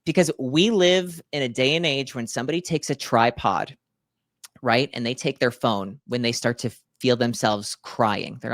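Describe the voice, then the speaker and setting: A man in his thirties co-hosting a podcast, telling stories in an animated, playful way with acted-out asides. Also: medium pitch, normal speed, no room sound, clean studio sound. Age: 30s. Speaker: podcast co-host. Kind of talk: casual chat.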